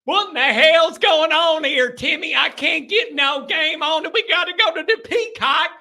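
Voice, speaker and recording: A man plays a flustered country fan who hollers in a cranked-up, piercing twang, bewildered by everything. The voice is pushed far higher than a normal speaking voice and sounds bright and sharp. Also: measured pace, exaggerated voice. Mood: baffled, shouting. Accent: exaggerated rural Southern twang. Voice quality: high, shouty and bewildered. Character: bumbling rural Kentucky football fan, loud and confused.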